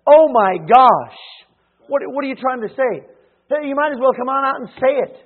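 Man, preaching a sermon, high voice, tinny phone-like sound, hushed to emphatic. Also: fairly even intonation, fast. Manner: dynamic preaching, swinging between hushed and emphatic; frequent hesitations with "uh". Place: church sanctuary.

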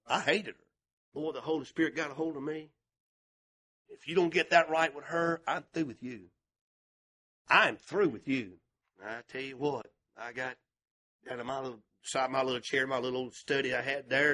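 An older male pastor preaching with passion, swinging between shouted and hushed delivery. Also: medium pitch, normal speed. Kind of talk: sermon.

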